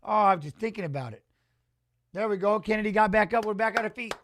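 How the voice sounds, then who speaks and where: A middle-aged man doing live-stream watch-along commentary on a fight, excitable and rambling, talking back to his chat. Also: high voice, fast talker, noisy background.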